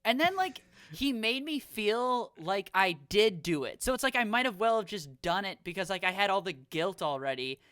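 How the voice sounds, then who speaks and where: A man's voice: high voice, lively intonation, moderate pace, sharp tone, clean tone, no echo, clean studio sound. A young man from Minnesota co-hosting a casual podcast, telling a rambling story and acting out the quoted dialogue. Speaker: podcast co-host.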